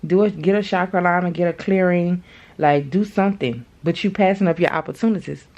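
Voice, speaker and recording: A woman's voice: on the low side, a little fast, a little mellow, highs cut off. A woman talks to her viewers in a loose, chatty way as she gives a spiritual card reading. She circles back and repeats phrases for emphasis. She speaks to them directly, as if across a kitchen table.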